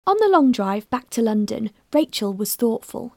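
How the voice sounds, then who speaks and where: A woman narrating a mystery story in a steady, measured reading voice. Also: a little high, dry recording, clean studio sound. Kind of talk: scripted narration.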